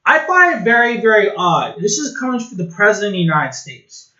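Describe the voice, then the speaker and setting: Brief: mocking male vlogger, blunt rant, higher voice, slightly muffled sound. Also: sing-song, a little fast, bright, forceful tone. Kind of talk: sarcastic commentary rant. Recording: dull, roomy home recording.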